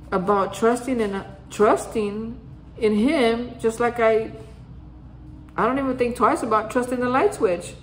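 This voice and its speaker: A woman's voice: medium pitch, a little hiss or hum. Woman sharing a roomy spoken reflection. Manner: storytelling, acts out remembered conversations. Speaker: host of a daily reflection. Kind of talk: casual personal reflection. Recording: roomy echo.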